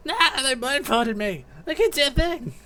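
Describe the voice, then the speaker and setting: A man's voice: extremely high pitch, expressive, normal speed, bright, forceful tone, voice pushed up, heavily acted. A man reading dialogue in a raised voice as a frightened, captured young creature hero in a game. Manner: anxious, plaintive line reading.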